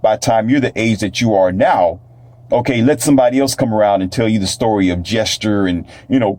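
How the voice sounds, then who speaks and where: A man holds forth in a loose, preachy monologue, now and then mocking imagined doubters in a higher voice. His voice sits fairly low with a dark, mellow tone. The recording is dry and close. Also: brisk, no echo. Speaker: self-published author and talk host. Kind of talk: casual monologue.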